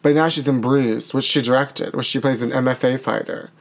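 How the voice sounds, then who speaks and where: A man co-hosting a casual comedy chat show, talking in a campy, sassy way and riffing quickly on his own jokes. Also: mid-range voice, fairly even intonation, creaky. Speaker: podcast co-host.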